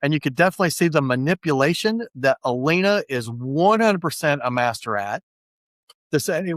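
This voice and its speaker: A man's voice: on the high side, lively intonation, moderate pace, no echo. A man hosting a book-club podcast, recapping chapters in a chatty, rambling way and acting out quotes. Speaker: podcast host.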